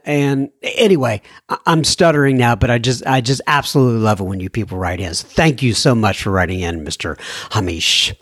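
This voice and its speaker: A man's voice: mid-range voice, no room sound, clean studio sound. A man hosting a podcast, reading out listener letters in a rambling, chatty way with stumbles and repeats. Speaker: podcast host. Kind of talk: casual podcast talk reading listener mail.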